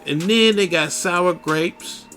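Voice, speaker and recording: Profane preachy radio host guy, highish voice, faint music bed under him. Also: takes it slowly, bright, forceful tone. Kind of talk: profane solo radio rant.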